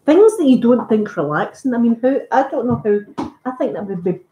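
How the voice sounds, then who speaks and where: Scottish woman, ASMR creator doing casual live-stream chat while ironing, warm relaxed tone, echoey room. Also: on the high side, fairly quick, dull audio, a little hiss or hum. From Scotland. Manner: chatty, rambling, self-deprecating. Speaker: ASMR YouTuber. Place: at home, ironing.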